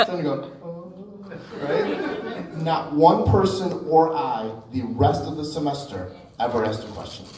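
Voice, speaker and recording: A man's voice: fairly high pitch, noisy background. Man telling stories in an echoey hall. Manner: conversational, self-deprecating, with frequent asides. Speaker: keynote speaker. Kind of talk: storytelling keynote speech. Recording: echoey hall, mic at a distance.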